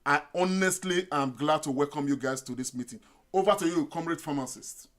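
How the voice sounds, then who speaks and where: A man's voice: on the high side, fairly quick, fairly bright tone. Nigerian man hosting a video call. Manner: loose and chatty, many fillers. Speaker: meeting host. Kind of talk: online meeting moderation.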